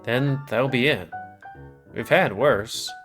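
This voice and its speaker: A man's voice: medium pitch, slow pace, a bit bright, faint music behind. A man voicing an unflappable female squirrel barmaid in a put-on Scottish accent, chirpy and clipped, reading a visual novel aloud. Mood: brisk. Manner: chirpy, clipped, says "aye" often.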